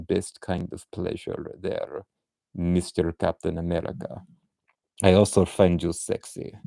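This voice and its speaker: A man's voice: deep voice, warm tone, no room sound, clean studio sound. Man putting on a sultry mock-Russian villainess. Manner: slow, breathy, purring and menacing. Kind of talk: improvised comic character voice.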